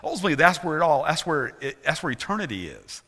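A man's voice: fairly high pitch, sing-song, quick pace, sharp tone. A male pastor with a Southern US accent preaching a sermon earnestly, with emphatic repetition. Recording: reverberant church hall.

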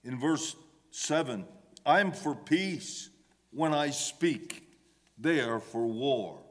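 Slow, emphatic preacher in a reverberant hall. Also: male voice, mid-range voice, expressive, a bit bright. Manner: emphatic, voicing the psalmist's pleas with rising intensity. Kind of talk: sermon.

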